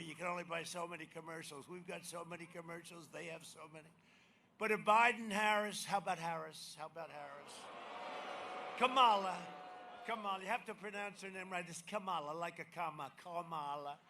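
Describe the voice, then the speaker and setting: A man's voice: sits high, brisk, gravelly, pushed and bright, a little hiss or hum. An older man giving a rambling, boastful rally speech and mocking his opponents. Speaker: campaign rally speaker. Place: outdoor rally crowd.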